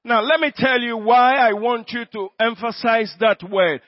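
A man preaching a sermon, slow and emphatic, repeating his phrases and breaking into shouted healing prayer. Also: very high voice, no room sound, muffled recording.

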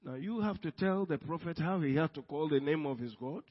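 A man preaching a sermon as pastor, swinging between loud bursts and hushed asides. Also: on the high side, brisk, hardly any pauses. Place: church hall. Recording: long hall reverb, dull lo-fi sound.

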